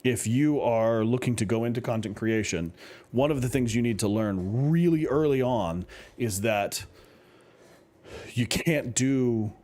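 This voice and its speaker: A man co-hosting a casual podcast, giving measured advice with many pauses and fillers. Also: fairly low pitch, a little mellow. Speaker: podcast co-host.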